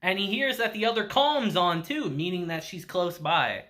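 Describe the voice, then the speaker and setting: A man's voice: high-pitched, normal speed, pushed and bright. A man reviewing an anime episode in a casual chat, retelling scenes with quoted lines, laughing often and swearing now and then.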